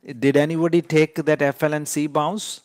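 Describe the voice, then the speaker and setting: A man's voice: fairly high pitch, little pitch movement, moderate pace, a little mellow, dry recording, studio quality. A man giving a trading lesson in an emphatic, lecturing way, often repeating key points for stress. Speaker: trading educator.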